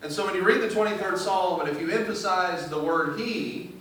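A man's voice: high-pitched, a little fast, fairly bright tone. A man preaching a sermon, emphatic, reading scripture aloud and then putting it in everyday words. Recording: very echoey room, distant mic, faint hiss.

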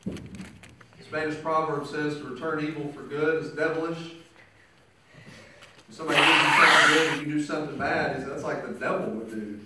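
A man's voice: on the high side, sharp tone, a little hiss or hum. Man preaching in an echoey church. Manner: emphatic preaching, acts out quoted speech. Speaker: pastor. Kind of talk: sermon. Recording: very echoey church hall, mic from far off.

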